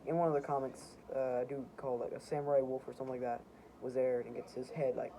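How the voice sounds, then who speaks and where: A man's voice: medium pitch, little pitch movement, quick pace, mellow, a little hiss or hum, low-quality recording. A man casually reading through his own homemade comics, rambling and correcting himself as he goes.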